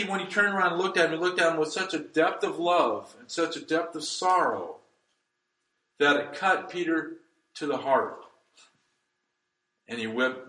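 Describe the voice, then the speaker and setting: A pastor preaching a sermon, swinging between loud emphasis and hushed, soft passages. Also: male voice, on the high side, reverberant, low-quality recording.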